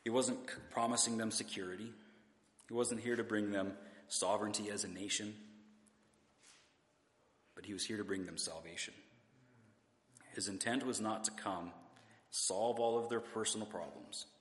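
A man's voice: lowish voice, normal speed, pauses often, a bit bright, echoey room, long reverb tail. A man preaching a sermon in a church, talking in a conversational way, asking the congregation rhetorical questions and sometimes restarting his words. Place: church sanctuary.

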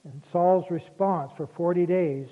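A man's voice: high voice, unhurried. A man preaching a sermon in a folksy, conversational way, with personal asides. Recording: tinny phone-like sound.

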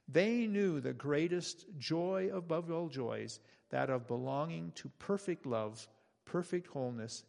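A man preaching in a church, his voice gravelly and mid-pitched. He is earnest and slows down when he reads passages aloud, and there is a long echo of a hall around him. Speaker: pastor. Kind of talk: sermon with read-aloud story.

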